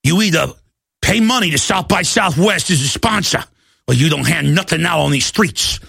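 A man doing a bullying male street tough who drawls his threats low and slow, then erupts into shouting. The voice is gravelly and pitched a little high. The sound is dry and close, with no room around it. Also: lively intonation, no echo, full character voice. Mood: menacing.

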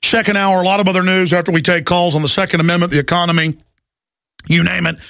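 A man hosting talk radio delivers an impassioned, ranting monologue that keeps climbing into shouts. His voice is gravelly and forceful, set a bit high for a man. The sound is close and dry. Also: little pitch movement, fast talker, no room sound. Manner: ranting, shouting, repetitive, urgent. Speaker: radio talk show host.

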